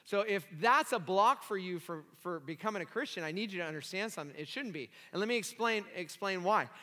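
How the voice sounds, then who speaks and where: A man pastor preaching an animated, self-deprecating sermon with many restarts in a church hall. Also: high voice, fairly quick.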